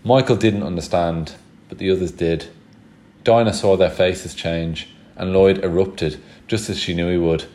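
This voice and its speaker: A man with a notably deep, low voice reads a children's novel aloud. His delivery is steady and measured, the way a storyteller paces a chapter for young listeners. It comes across as plain, unhurried narration. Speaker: audiobook reader.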